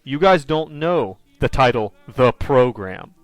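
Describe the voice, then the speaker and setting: Man, game master, casual rambling narration, mid-pitched voice, tabletop horror game. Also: lively intonation, measured pace, dry recording, faint music behind. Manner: casual, rambling description with fillers.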